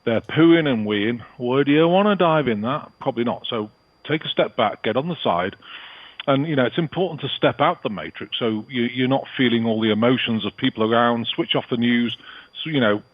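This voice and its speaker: A British man talks loosely in an interview, circling back with frequent "you know"s. His voice is husky and breathy, and it sits close and dry on the mic. The recording is dull and lo-fi, with a muffled top end. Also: mid-range voice, normal speed, dry recording. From England. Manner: rambling, peppered with "you know". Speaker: guest healer. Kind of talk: casual interview talk.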